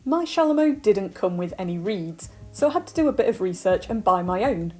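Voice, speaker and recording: Woman vlogging about an old instrument, dry jokes, mellow tone, music under it. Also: medium pitch, expressive, a little fast. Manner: self-deprecating, dry humour. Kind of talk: casual instructional vlog.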